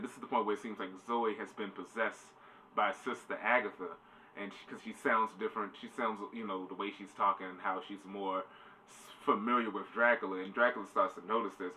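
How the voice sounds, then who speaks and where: A man's voice: on the low side, bright, forceful tone. A man giving a casual, rambling spoiler review, swearing loosely. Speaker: show reviewer. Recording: distant mic, faint background noise.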